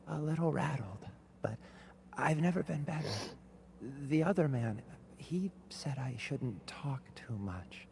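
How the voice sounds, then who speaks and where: A rattled male android on the run for a video game. He talks slowly and haltingly with a gravelly, creaky texture. His voice sits a little higher than most men's. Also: animated, warm tone, a little hiss or hum. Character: shaken rescued male android fugitive.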